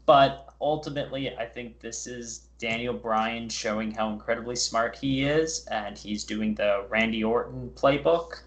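A man's voice: medium pitch, a little slow, hardly any pauses. A man co-hosting a casual podcast, talking eagerly as a fan and rattling off lists. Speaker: podcast co-host. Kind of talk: casual chat.

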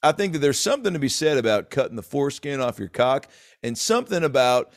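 A man's voice: medium pitch, big pitch swings, quick pace, no room sound, studio quality. A man hosting a comedy podcast, teasing his guest and often laughing, with stumbling restarts. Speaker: podcast host.

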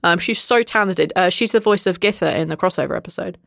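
A woman, a dungeon master, chatting casually on a podcast, animated and laughing often. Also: fairly low pitch, quick pace, gravelly, no room sound, clean studio sound.

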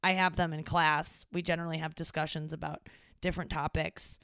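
A young woman hosting a podcast, telling a story in an animated, exasperated way and swearing now and then. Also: low-pitched, fairly quick, clear, resonant tone, no room sound, clean studio sound. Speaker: podcast host. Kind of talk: casual monologue. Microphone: studio mic into a mixing board.

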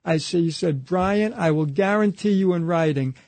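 A man's voice: sits high, moderate pace, darkish tone, no echo. A man being interviewed who tells a long anecdote, retelling it through a chain of quoted dialogue and frequent "he said.". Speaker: interview guest. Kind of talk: conversational storytelling anecdote.

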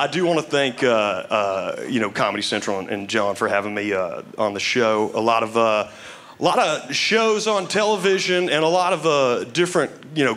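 A man's voice: medium pitch, a bit bright. A man doing a live stand-up set on a club stage, ironic and laughing through his jokes. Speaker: stand-up comedian. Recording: live club recording with crowd noise.

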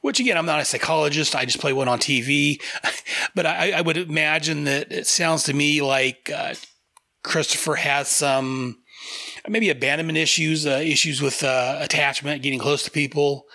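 An enthusiastic man chats casually as a host, rambling along with frequent fillers. His voice sits a little high and sounds bright. The sound is close and dry. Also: steady tone, normal speed, vocal fry, no room sound. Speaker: podcast host reviewing comics. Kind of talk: casual review chat.

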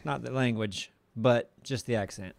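A man's voice: mid-range voice, moderate pace, creaky, no echo. A man co-hosting a casual gaming podcast, teasing and joking with his friends. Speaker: podcast co-host. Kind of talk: casual chat.

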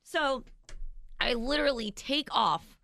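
A middle-aged woman co-hosting a morning radio show, telling stories in an animated way and laughing often. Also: high voice, takes it slowly, creaky, no echo, clean studio sound. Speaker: radio co-host. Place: radio studio. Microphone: studio mic.

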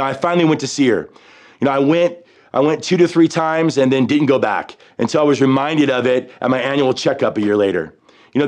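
50s veteran guy telling his story, kinda halting, lots of you know and restarts. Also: mid-range voice. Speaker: military veteran. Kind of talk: personal storytelling.

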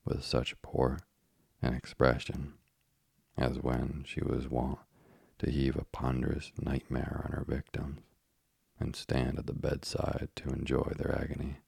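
Deep gravelly male narrator. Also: monotone, unhurried, a little mellow, dry recording, studio quality. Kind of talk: audiobook reading of a classic tale.

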